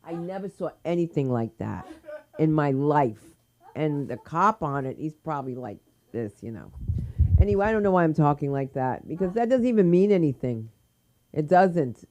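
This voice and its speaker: A woman's voice: low-pitched, very animated, moderate pace, mellow. A woman hosting an open mic, telling a rambling, bawdy story before introducing the next comic. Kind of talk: stand-up banter.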